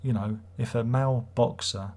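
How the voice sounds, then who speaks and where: A man's voice: medium pitch, steady tone, normal speed, darkish tone. A man hosting a casual livestream, rambling and swearing as he reads viewer comments aloud. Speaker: livestream host.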